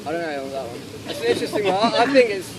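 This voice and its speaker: A man with a high, light voice chats casually through an audience Q&A, spinning lively anecdotes and voicing the people in them. The outdoor recording is full of steady background noise. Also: very fast. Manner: anecdotal, animated, acts out quotes. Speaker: speaker answering audience questions. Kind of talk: casual Q&A talk. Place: outdoor festival.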